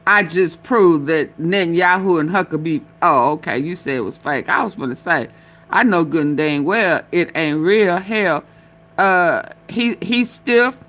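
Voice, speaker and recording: Sassy woman streamer, bright voice. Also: lowish voice, measured pace. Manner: sassy, talks back at the clips; loose colloquial slang. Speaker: live-stream host. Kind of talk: casual live-stream commentary.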